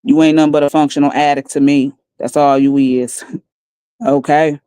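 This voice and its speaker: A woman livestreaming on her phone, taunting and mocking others in a calm, profane, smooth way. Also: low-pitched, normal speed, dry recording. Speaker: livestream host. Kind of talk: casual livestream rant.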